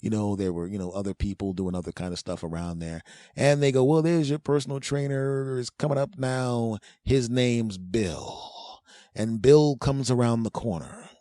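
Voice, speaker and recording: A man's voice: mid-range voice, normal speed, mellow, no room sound, clean studio sound. A man hosting a podcast, rambling through a comic story and acting out the quotes in exaggerated voices. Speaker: podcast host. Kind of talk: comedic storytelling monologue.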